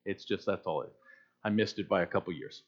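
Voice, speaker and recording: Animated preacher in his fifties. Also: low voice, fast. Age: 50s. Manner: animated, conversational, joking asides. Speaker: pastor. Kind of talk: sermon. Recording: slightly dull lo-fi sound.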